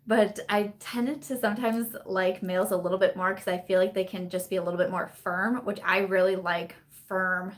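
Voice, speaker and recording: Young woman vlogger, casual live-stream host at home, chatty and rambling, quick to laugh. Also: mid-range voice, steady tone. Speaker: vlogger hosting a live chat. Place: at home in the evening.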